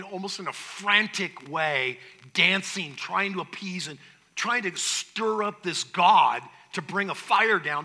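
Bright-voiced male preacher. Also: high-pitched. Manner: storytelling preacher, swings from loud to hushed. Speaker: pastor. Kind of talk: sermon.

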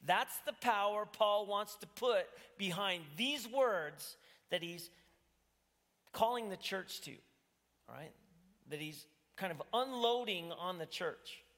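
A man's voice: high voice, expressive, slow pace, a bit bright. Earnest preaching man in reverberant hall. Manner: earnest, pleading, rises to emphatic bursts. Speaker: pastor. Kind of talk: sermon.

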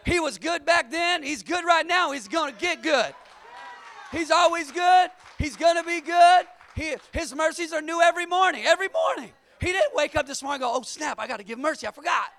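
High, gravelly, shouting preacher man. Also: normal speed. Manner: energetic, shouting at peaks, call-and-response. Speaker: pastor. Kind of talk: sermon.

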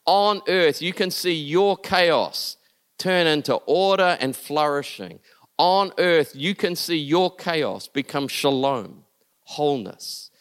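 Male pastor, high and smooth voice, earnest sermon delivery that rises and falls. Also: expressive, slow pace. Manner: earnest, building to emphatic peaks, then dropping soft and low.

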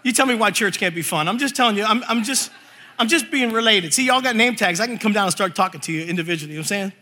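High, bright-voiced animated preacher man. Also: rapid-fire. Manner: animated storytelling with acted quotes and laughter. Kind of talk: lively comic sermon. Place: church in front of a congregation.

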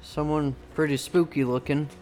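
A man's voice: fairly high pitch, fairly even intonation, normal speed, a little mellow, faint music behind. Casual man at a tabletop game. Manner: joking, casual questions. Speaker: player. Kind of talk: tabletop role-play.

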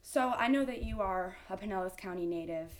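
A woman's voice: medium pitch, fairly quick, slight background noise. A woman hosting an interview, asking questions and reacting briefly. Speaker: host, interviewer.

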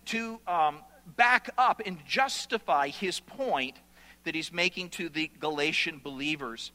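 A male pastor preaching a sermon, explaining scripture in an animated way with sudden loud bursts. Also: high voice. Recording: long hall reverb.

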